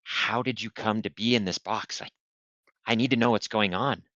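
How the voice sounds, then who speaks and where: A man's voice: fairly low pitch, normal speed, bright, forceful tone, dry recording, muffled recording. A man voicing an earnest grieving monk brother. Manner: earnest, pleading. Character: devoted male halfling monk, grieving brother.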